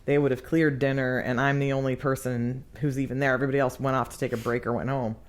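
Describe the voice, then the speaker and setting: A woman, a lead singer, telling lively stories in casual podcast chat, often laughing and acting out what others said. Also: a bass voice, fast talker. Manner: animated, laughs often, acts out quotes. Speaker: singer guest.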